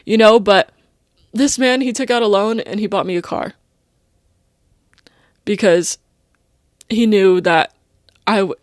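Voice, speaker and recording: A woman's voice: on the low side, no echo. Rambling young woman, dry close sound. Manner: rambling, stream-of-consciousness, heavy use of "like" and "you know"; emotional, openly personal. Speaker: podcast host. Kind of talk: casual confessional monologue.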